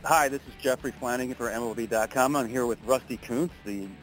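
A man's voice: medium pitch, brisk, soft background music, poor audio. A man, a baseball reporter, interviewing a coach in an easygoing way, with filler words. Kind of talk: casual interview. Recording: faint background ambience.

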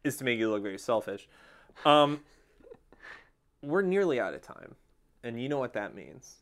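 A man hosting a podcast in a studio, chatting casually with deadpan self-mocking jokes. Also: mid-range voice, moderate pace. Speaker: podcast host.

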